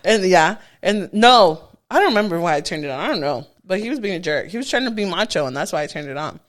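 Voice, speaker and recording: A woman's voice: lowish voice, fast talker. A young woman co-hosting a casual podcast chat, telling stories with quoted dialogue and dropping in a few Spanish words. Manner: animated storytelling with laughs and acted-out quotes. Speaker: podcast co-host.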